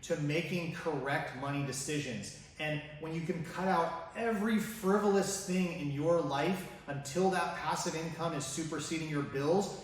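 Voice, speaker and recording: A man's voice: a little high, moderate pace, hardly any pauses. A man hosting a personal finance video, talking straight to the viewer with enthusiasm and many rhetorical questions. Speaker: finance YouTuber. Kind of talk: direct-to-camera finance vlog. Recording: very echoey room, mic at a distance.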